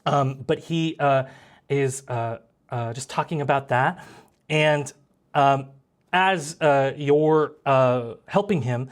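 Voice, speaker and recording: A man narrating a tabletop game as game master, rambling with many fillers. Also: mid-range voice.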